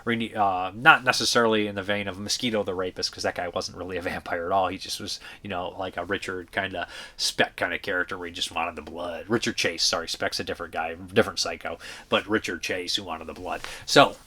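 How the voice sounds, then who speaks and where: A man's voice: low-pitched, fairly even intonation, brisk, sharp tone. A man giving blunt, profane, rambling movie reviews in a casual vlog, full of fillers and restarts. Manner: blunt opinionated talk.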